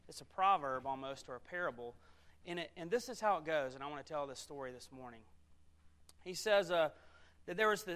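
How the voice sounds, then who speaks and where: A middle-aged man preaches a sermon as pastor, high and bright in tone. He talks earnestly and loosely, restarting phrases as he tells a story. The voice is clear and forward.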